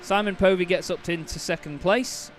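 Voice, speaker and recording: A young man commentating a sim race live, chatty and quick to laugh with his co-host. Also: high voice, slight background noise. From Britain.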